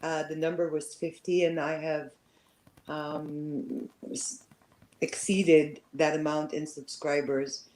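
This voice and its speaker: Slow, low-voiced hesitant Canadian woman. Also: flat delivery, a little mellow, low-quality recording. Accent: slight French-Canadian. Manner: hesitant, filler-heavy, nervous and grateful. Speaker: channel host on her first livestream. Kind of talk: casual live-stream chat.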